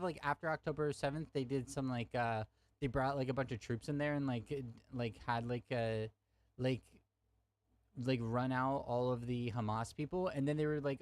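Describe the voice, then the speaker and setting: A man's voice: mid-range voice, fairly even intonation, normal speed, a little mellow. A young man streaming a heated debate, arguing angrily with his chat and swearing often. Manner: angry, profane, talks to chat.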